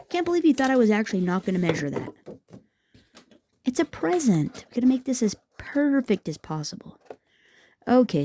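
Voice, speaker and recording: Rambling, chatty woman crafter, mellow voice. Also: lowish voice, no echo. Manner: rambling, talks to viewers as "guys", self-teasing. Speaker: craft video host.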